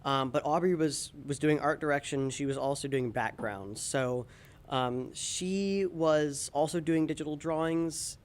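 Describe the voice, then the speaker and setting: A man's voice: on the high side, a little slow. A young man, a student animator, chatting casually on a panel about a class game project, easygoing with frequent ums. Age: young adult.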